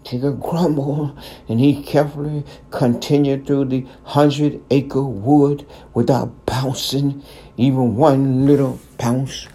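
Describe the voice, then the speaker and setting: A reader slowly reading a children's story aloud, halting now and then with small slips. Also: medium pitch, flat delivery, warm tone, slightly rough.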